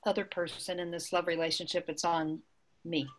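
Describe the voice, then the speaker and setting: A woman's voice: lowish voice, flat delivery, normal speed, a little hiss or hum. A woman taking part in an online singing workshop, answering the coach thoughtfully and plainly. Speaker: workshop participant. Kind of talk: answering in a class.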